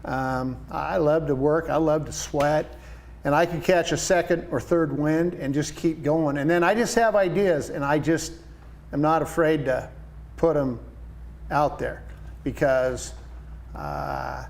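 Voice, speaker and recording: A man in his sixties, a painting business owner, chatting as a guest and telling lively stories with quoted voices. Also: fairly high pitch, unhurried, gravelly. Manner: enthusiastic storyteller, animated quoted voices. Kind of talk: casual interview chat.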